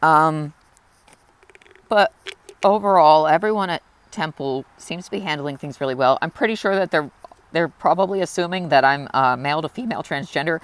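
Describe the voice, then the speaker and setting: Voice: mid-range voice, moderate pace. Earnest, confessional young vlogger. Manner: earnest, open and reflective; emotional, close to tears at times. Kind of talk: confessional personal vlog.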